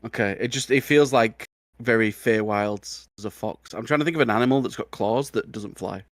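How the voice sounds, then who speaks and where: A man's voice: fairly low pitch, a little fast, dry recording, studio quality. A man from England chatting casually as a player on a game stream, searching for words as he talks.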